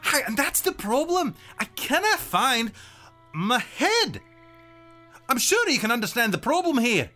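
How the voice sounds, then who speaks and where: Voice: high-pitched, sing-song, unhurried, bright, forceful tone, soft background music, voice pushed up, heavily acted. A game master voicing a fussy male scarecrow with lobster claws, theatrical and apologetic, in a mock Scottish-Irish brogue. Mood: plaintive.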